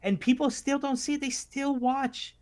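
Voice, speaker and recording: A man co-hosting a casual political chat on a faith podcast, animated and acting out what others say in mocking voices. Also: very high-pitched, normal speed. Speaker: co-host.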